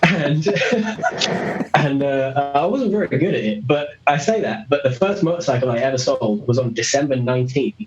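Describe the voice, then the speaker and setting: A man's voice: medium pitch, animated, unhurried, pauses often, noisy background. A young British man telling a story as an interview guest, rambling, laughing often and restarting his sentences. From Britain. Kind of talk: casual storytelling.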